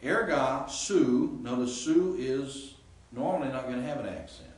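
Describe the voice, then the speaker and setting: A Greek professor walks his class through grammar informally, explaining as he goes and checking in frequently. His mid-range voice is a little slow, recorded from a distance in an echoey classroom with faint hiss.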